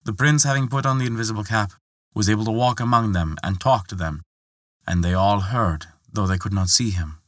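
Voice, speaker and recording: A man narrating a folktale, reading in an expressive way and lifting his voice for the characters' lines. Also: a little fast, no echo, studio quality. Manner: expressive, lifts pitch for quoted characters. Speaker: storyteller.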